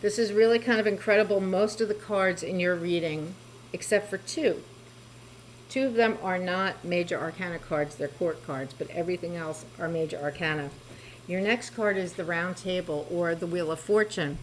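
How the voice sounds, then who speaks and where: A woman with a fairly low voice talks through a tarot reading in a gentle, reassuring way. She adds small asides to the listener as she goes. A faint hiss sits under her voice. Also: normal speed, low-quality recording. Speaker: tarot reader.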